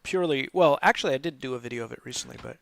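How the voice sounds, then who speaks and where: Gravelly chatty man streaming a game. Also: medium pitch, very fast. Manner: rambling, chatty, laughs often. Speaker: host of a live gaming stream. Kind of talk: casual gameplay commentary.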